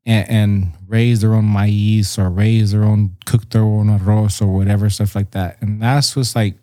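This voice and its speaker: Earnest Chicano guest, dry sound. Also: male voice, lowish voice, little pitch movement, moderate pace, mellow, no echo. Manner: earnest, mixes Spanish words into English. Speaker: podcast guest. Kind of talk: casual podcast chat.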